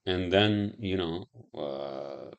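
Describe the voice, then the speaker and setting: A man's voice: low voice, drawn-out words, gravelly. A man rambling in a casual monologue, swearing often and musing aloud with lots of fillers.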